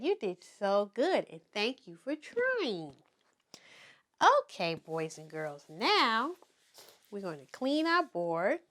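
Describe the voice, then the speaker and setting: A woman teaching toddlers to write letters in a slow, encouraging preschool circle-time manner. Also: medium pitch, sing-song, a bit bright. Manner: slow, sing-song and encouraging, speaking to toddlers. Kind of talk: children's circle-time lesson.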